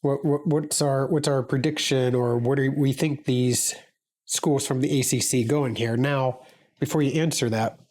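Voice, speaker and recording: A man's voice: medium pitch, fairly even intonation, a little slow, a little mellow. A man co-hosting a sports podcast, stuffy from a cold, talking hesitantly with repeated words. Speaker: podcast co-host. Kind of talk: casual sports podcast talk.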